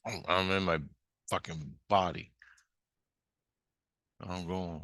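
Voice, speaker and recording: A middle-aged man, a vlogger, tells a rambling, profane story about a spiritual experience, agitated and constantly restarting. His voice sits low and slightly bright, with fairly even intonation and a slow pace. The recording is studio quality with no echo.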